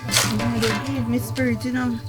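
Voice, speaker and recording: Jamaican-accented woman, high voice, defiant country woman in a film, music underneath; an actress plays her. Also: flat delivery, close to an everyday voice. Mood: complaining. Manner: defiant, insistent, quick retorts. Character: country woman angrily denying she stole money. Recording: film audio with music behind.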